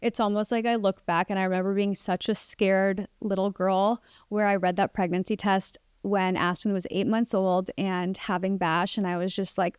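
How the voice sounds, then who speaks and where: A woman's voice: medium pitch, flat delivery, normal speed, few pauses, smooth, no echo, clean studio sound. A young woman hosting a casual solo podcast, chatting about family life with lots of "like" fillers. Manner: chatty, warm, many "like" fillers. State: pregnant. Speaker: podcast host.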